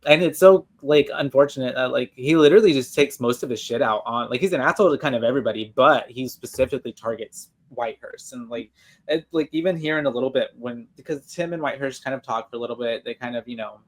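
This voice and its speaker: A man's voice: mid-range voice, quick pace. A man co-hosting a horror film podcast, recapping a movie in loose, rambling casual chat full of fillers. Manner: rambling, heavy on fillers like "like" and "you know". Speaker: podcast co-host.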